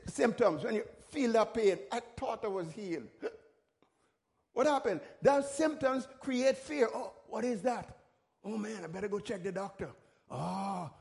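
A middle-aged male pastor delivers a sermon in a high, slightly mellow voice. He restarts with repeated words and calls out to check in with his congregation.

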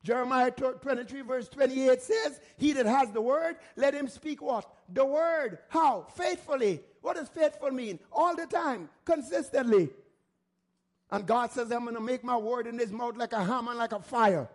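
A male pastor delivers a sermon in a strikingly high voice. He drives each point home with repetition and fires rhetorical questions at his listeners. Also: normal speed.

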